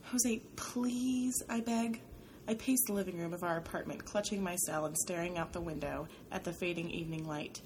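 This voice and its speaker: Woman audiobook narrator, introspective first-person read, slightly low register. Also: fairly even intonation, fast, hardly any pauses, a little hiss or hum, low-quality recording.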